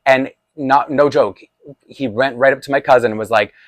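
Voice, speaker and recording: A man's voice: medium pitch, quick pace, no echo. A man in his forties telling a personal childhood story in a chatty, confessional way, laughing often. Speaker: vlogger. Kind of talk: storytime vlog.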